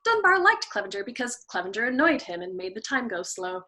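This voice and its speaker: A woman hosting a storytime show, reading a novel aloud with lively, expressive narration and voicing the characters' lines. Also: medium pitch, brisk.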